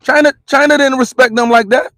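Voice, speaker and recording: A man from the United States with a very high voice rants in a heated street vlog, hammering the same slangy lines again and again. His voice is close and dry on a phone mic, with no room sound. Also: steady tone, brisk, fairly bright tone, dry recording. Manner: repetitive, slangy, confrontational ranting. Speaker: vlogger and commentator. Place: parked car.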